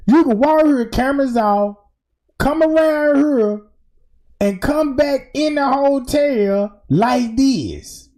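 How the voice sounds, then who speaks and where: A man's voice: extremely high pitch, lively intonation, takes it slowly, warm tone. A man giving casual, slangy commentary over video footage, emphatic and pointing things out. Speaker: commentator walking through footage.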